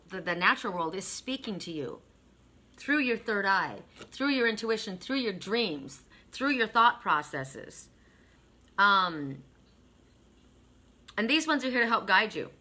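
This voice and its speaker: A woman's voice: medium pitch, sharp tone. A middle-aged woman giving a spiritual card reading, telling rambling stories with many restarts and asides. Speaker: tarot and oracle card reader. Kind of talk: casual spiritual reading monologue.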